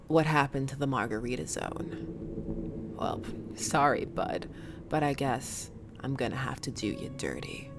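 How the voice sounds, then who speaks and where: A woman doing a low taunting cult-leader dad. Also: sing-song, measured pace, vocal fry, over music, exaggerated voice. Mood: mock-regretful. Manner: low, taunting, mock-casual. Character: menacing sly male cult leader dad.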